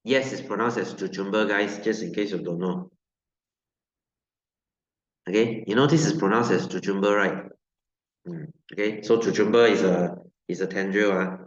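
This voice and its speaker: A man's voice: fairly low pitch, moderate pace, pauses often, reverberant, muffled recording. A man with a Malaysian English accent teaching a science class, chatty and joking, laughing often and slipping into Malay.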